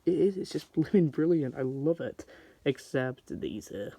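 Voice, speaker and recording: A man's voice: fairly high pitch, normal speed, mellow. A man giving a casual, chatty toy review. He rambles a little and uses a lot of filler likes.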